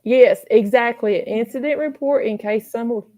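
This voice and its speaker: A woman's voice: on the high side, normal speed, warm tone. A middle-aged woman hosting a casual livestream, chatting and reading viewer comments aloud. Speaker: livestream host.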